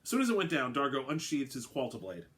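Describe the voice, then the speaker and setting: A man reading his own science-fiction story aloud, with a wry, brisk delivery. His pitch moves around in a lively way. The narration is mid-pitched and conversational.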